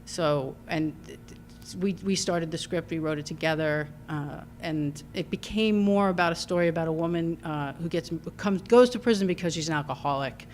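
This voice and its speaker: A woman with a Long Island accent, a filmmaker talking through her work in a casual interview, thoughtful and halting with many ums and restarts. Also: deep voice, darkish tone, slight background noise. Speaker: filmmaker guest.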